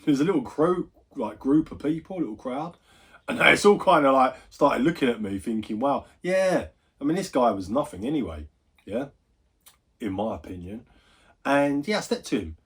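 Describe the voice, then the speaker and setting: A man's voice: mid-range voice, lively intonation, normal speed, husky. A man chatting casually, swearing freely and wandering into asides as he tells a story on his gaming vlog. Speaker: gaming YouTuber.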